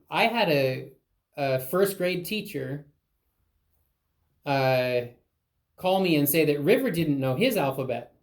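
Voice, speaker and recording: Woman interviewer telling a story. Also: low-pitched. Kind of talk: conversational storytelling.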